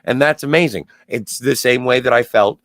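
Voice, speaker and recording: A man's voice: medium pitch, normal speed, a bit bright, no echo, clean studio sound. A man co-hosting a casual movie review chat, cutting in with eager opinions about the film. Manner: enthusiastic, chimes in with opinions. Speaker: podcast co-host.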